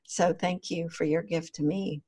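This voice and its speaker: A woman co-hosting a podcast, speaking in a calm, measured way about conversations. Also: on the low side, breathy edge. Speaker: podcast co-host. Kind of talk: reflective conversation.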